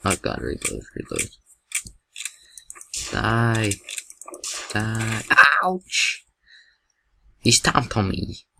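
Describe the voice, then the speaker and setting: Gravelly excitable young man gaming. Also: fairly low pitch, very slow, long pauses, a little hiss or hum, poor audio. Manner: excitable, jokey, yelps at scares. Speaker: gameplay commentator. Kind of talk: gameplay commentary.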